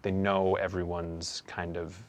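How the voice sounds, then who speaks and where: A man's voice: deep voice, little pitch movement, measured pace, a little hiss or hum. A young adult man, a comedian and host, answering interview questions in a reflective, hesitant way with many fillers and restarts.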